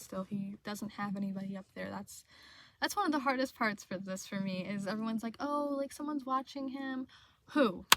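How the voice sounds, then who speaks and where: A woman in an emotional confessional vlog, tearful and choked up, talking in halting bursts, repeating herself and swearing. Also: medium pitch, a bit bright, a little hiss or hum. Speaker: vlogger. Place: inside a parked car.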